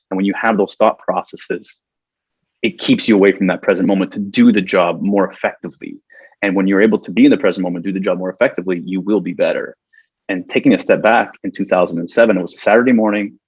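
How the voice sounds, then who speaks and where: A male podcast guest who works as a corporate trainer tells a personal story earnestly, acting out his past thoughts and growing emotional. His deep, husky voice is fairly even in intonation and he talks fast. The recording is dry and the audio dull.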